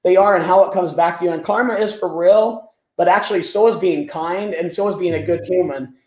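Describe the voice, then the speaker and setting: An animated man tells business stories in a fairly high voice, often repeating words as he goes. The sound echoes as if in a bare room, and he comes across as a guest answering an interviewer. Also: fairly quick.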